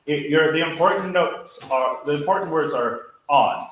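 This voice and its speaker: Brief: energetic male choir director coaching a rehearsal, slightly high voice, booming echoey hall, faint music behind. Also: normal speed. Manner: energetic, coaching, sings example phrases.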